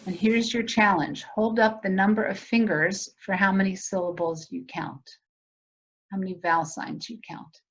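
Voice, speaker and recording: Woman presenter, mid-pitched, walks teachers through a method on a slightly muffled video call. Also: steady tone, normal speed, a bit bright, breathy edge. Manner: conversational, explanatory, asks audience questions. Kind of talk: virtual teacher training webinar.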